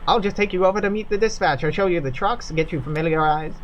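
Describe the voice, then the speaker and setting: A man's voice: high voice, fast, dull audio, slight background noise, close to an everyday voice. A man voicing a patient older man with a drawling Kentucky accent who guides newcomers through a strange workplace in a video game let's play. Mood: courteous.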